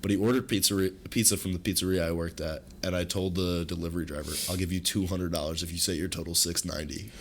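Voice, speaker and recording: A man's voice: sits low, fairly even intonation, fast talker, hardly any pauses, a little hiss or hum. A young man co-hosting a podcast, joking and laughing, saying dude a lot. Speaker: podcast co-host. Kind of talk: casual chat.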